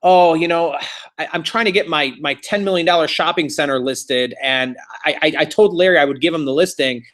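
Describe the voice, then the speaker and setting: A man's voice: on the high side, a bit bright, lightly acted. A man voicing a hesitant woman who stammers and halts as she talks. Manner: halting, stammering. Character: hesitant woman, old high school friend.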